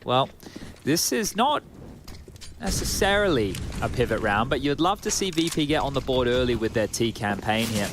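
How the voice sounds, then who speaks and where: A man's voice: mid-range voice, very animated, moderate pace, background noise. Australian man calling an esports match. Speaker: esports commentator. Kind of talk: live play-by-play commentary.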